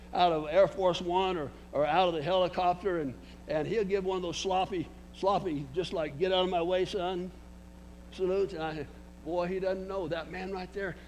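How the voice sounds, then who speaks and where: A man's voice: high-pitched, a little hiss or hum. An older man preaching a sermon, emphatic, with frequent restarts and words spelled out for emphasis.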